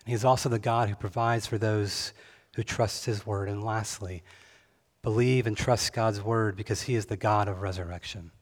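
A man preaching a sermon, expressive, moving between hushed reflection and fervent emphasis. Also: lowish voice, normal speed. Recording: long hall reverb.

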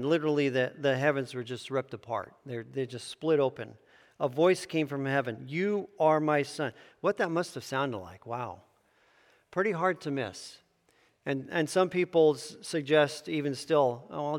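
A man's voice: a little high, long reverb tail. A man teaching a Bible study in a conversational way, with asides and self-corrections.

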